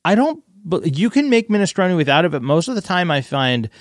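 A man's voice: on the high side, sing-song, fairly quick, dry recording, studio quality. A man in his thirties, co-hosting a podcast in casual chat, easygoing and using laid-back slang. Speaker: podcast co-host.

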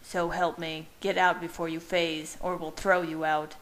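A woman playing an angry young vampire man in a fan-read story, snapping short, curt threats. The voice stays close to her own, slightly low and plain. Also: level tone, a little slow, a bit bright, low-quality recording.

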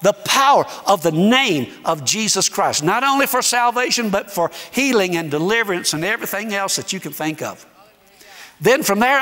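A man preaching as a guest speaker, telling a story in an animated way and acting out the dialogue. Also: high voice. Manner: animated, acts out dialogue, dramatic pauses. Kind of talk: sermon storytelling. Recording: echoey hall reverb.

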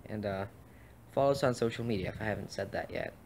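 A man's voice: lowish voice, fast talker, gravelly, a little mellow, a little hiss or hum. A man hosting a casual vlog, upbeat and chatty, talking straight to his viewers. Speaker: vlog host.

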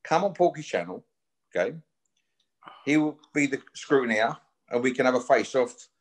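A man's voice: medium pitch, lively intonation, normal speed. A man, talking bluntly and confrontationally as a guest in a casual chat, swearing often as he issues a challenge. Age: 50s.

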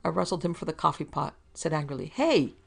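A woman's voice: sits low, steady tone, fast, vocal fry. A woman narrating a hard-boiled detective story in a dry, wry first-person voice.

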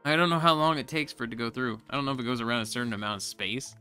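A man giving casual commentary as he plays a game, talking to himself, often confused and quickly frustrated. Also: faint music behind. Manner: jumps to high excited exclamations when surprised. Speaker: gaming YouTuber. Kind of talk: casual let's-play commentary.

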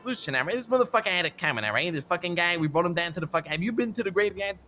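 A man's voice: high voice, lively intonation, racing, bright, forceful tone. Man voicing a hot-headed mob guy, slightly raised voice, crude and rambling. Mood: boastful. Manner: profane, rambling storyteller. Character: swaggering Italian-American mobster man, boastful, hot-tempered. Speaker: streamer role-playing in a crime game. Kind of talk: in-character role-play banter.

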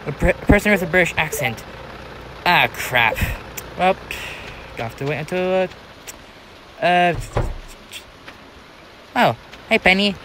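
A man's voice: high voice, expressive, slow, pauses often, background noise. A young American man giving rambling, casual commentary while playing a farming game, talking to himself with many restarts. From United States. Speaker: gaming channel host.

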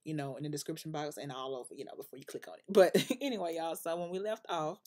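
A woman's voice: sits low, fast, warm tone. A woman hosting a let's play, rambling chattily and addressing the viewers directly with laughs. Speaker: gaming channel host. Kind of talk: casual let's play commentary.

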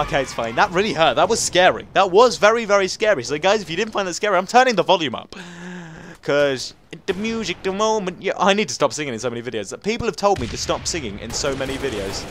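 Fast-talking teen guy from england doing game commentary, high voice that swoops all over, faint hiss behind. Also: very animated, fairly bright tone. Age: late teens. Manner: fast, rambling and jokey, with sudden squeaky jumps. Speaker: gaming YouTuber. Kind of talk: casual gameplay commentary.

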